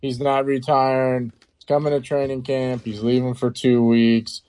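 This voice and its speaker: A man co-hosting a casual sports chat, speaking in a calm, matter-of-fact way. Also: mid-range voice, normal speed, a crowd in the background.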